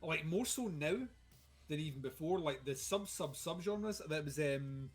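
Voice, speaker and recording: A Scottish man in casual livestream chat, wandering through his thoughts with plenty of "um" and "like". His voice sits a little on the high side. He comes across as dry and self-mocking. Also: expressive, measured pace, faint music behind. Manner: rambling, wry, lots of fillers. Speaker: podcast co-host.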